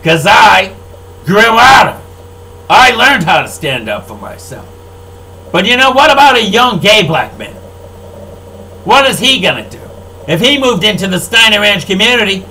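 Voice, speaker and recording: An older man who owns a record label, delivering an angry, profane, rambling monologue that swings between loud outbursts and low mutters. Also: vocal fry, slight background noise, low-quality recording.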